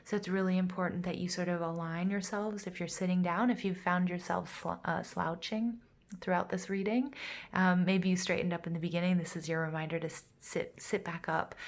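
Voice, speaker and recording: Gravelly, gushing female tarot reader. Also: fairly low pitch, moderate pace. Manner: gushing, excitable, full of fillers. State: a little out of breath. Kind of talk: casual tarot reading to camera.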